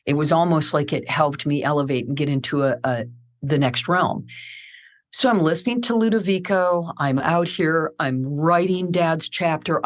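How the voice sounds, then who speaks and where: Low-voiced woman telling a vivid story. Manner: vivid, animated storyteller who acts out her own quoted remarks. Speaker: podcast guest. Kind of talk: emotional personal storytelling.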